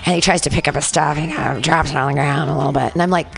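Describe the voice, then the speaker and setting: A woman host telling an animated story on a radio talk show, acting out the quoted lines. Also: deep voice, rapid-fire, vocal fry. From San Francisco. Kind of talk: casual storytelling chat.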